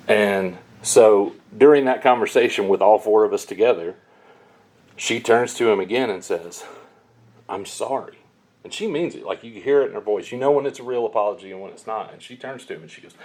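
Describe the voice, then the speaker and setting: A middle-aged man preaching a sermon, telling stories bluntly with sharp, emphatic peaks. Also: medium pitch. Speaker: pastor.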